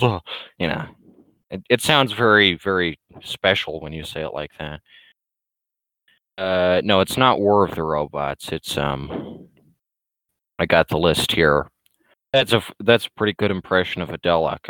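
A man's voice: deep voice, lively intonation, moderate pace, sharp tone, dry recording, low-quality recording. A man ranting casually to camera, blunt and rambling, with many restarts and fillers. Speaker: vlogger. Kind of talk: casual opinionated rant.

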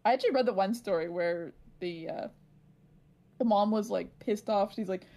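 A woman's voice: mid-range voice, moderate pace, dark tone. A woman in her twenties co-hosting a podcast in casual chat, rambling and filling her sentences with "like". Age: 20s. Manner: rambling, leaning heavily on "like". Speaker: podcast co-host.

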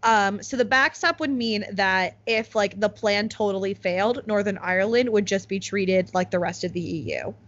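A woman's voice: medium pitch, moderate pace, few pauses, a bit bright. Chatty young woman explaining current events. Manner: chatty, many "like"s, laughs at own jokes. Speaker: co-host explaining news. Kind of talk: casual explanatory chat. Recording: slightly muffled lo-fi audio.

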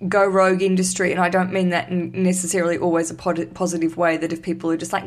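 A woman's voice: lowish voice, little pitch movement, fast talker. A woman with an Australian accent hosting a casual interview, chatty and playful, slipping into put-on voices. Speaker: podcast host.

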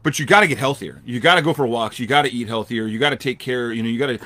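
A man's voice: medium pitch, pushed and bright, no room sound. A man co-hosting a casual podcast chat, talking in an emphatic, rambling way. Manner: rambling, emphatic, fast talker. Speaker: podcast co-host.

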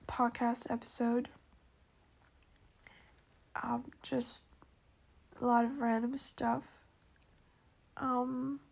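Solo podcast host, female, gravelly husky voice, unhurried rambling chat. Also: fairly high pitch, flat delivery. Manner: rambling, chatty, many fillers and soft asides. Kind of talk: casual solo podcast monologue.

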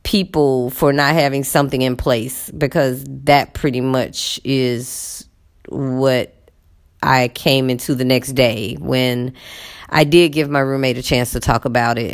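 A woman's voice: rumbling low, fairly even intonation, measured pace. A woman teacher telling a story in a candid, conversational way with many fillers. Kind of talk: storytelling monologue.

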